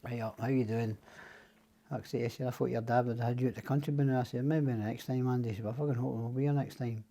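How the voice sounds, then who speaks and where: Gruff Scottish man spinning a yarn. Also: mid-range voice, fairly even intonation, rapid-fire, dark tone. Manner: swears freely, acts out quoted voices. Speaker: podcast guest. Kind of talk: casual storytelling.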